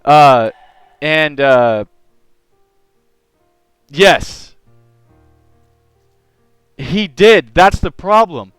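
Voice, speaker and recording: A young man chatting on a live stream, telling an animated, rambling story. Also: a little high, drawn-out words, long pauses, clear, resonant tone, no room sound, soft background music, poor audio. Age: young adult. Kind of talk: casual live-stream chat.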